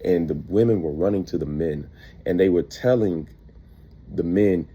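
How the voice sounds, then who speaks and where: A man's voice: low voice, moderate pace, highs cut off. A man earnestly recounting prophetic dreams as spoken testimony, often repeating himself and quoting the people in his dreams. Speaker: preacher sharing dreams.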